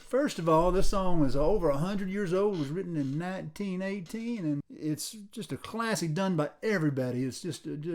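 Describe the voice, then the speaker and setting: A man teaching a song on ukulele in a relaxed, repetitive way, counting beats aloud and explaining the rhythm. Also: a little high. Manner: sings lyrics slowly while playing. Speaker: music teacher. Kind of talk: instrument lesson. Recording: ukulele playing under the voice.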